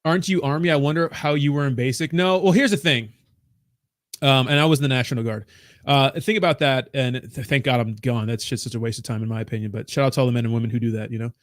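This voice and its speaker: A man's voice: mid-range voice, steady tone, quick pace, dry recording. A man hosting a crypto livestream from a small home studio, rambling and ranting with constant swearing. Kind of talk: casual livestream rant.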